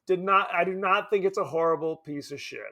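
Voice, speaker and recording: A man co-hosting a podcast, chatting casually about a film in an animated, joking, self-deprecating way. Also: high-pitched, fairly quick. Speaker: podcast co-host. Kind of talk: casual film review chat.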